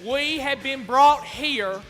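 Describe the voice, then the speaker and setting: A man's voice: very high-pitched, slow pace, sharp tone, heavily acted. A man playing a smug, self-important game guru who echoes his partner in a live stage comedy skit in a large hall. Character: cocky male game guru Wham, twin-brother sidekick. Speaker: stage performer in a comedy duo. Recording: reverberant hall with music behind.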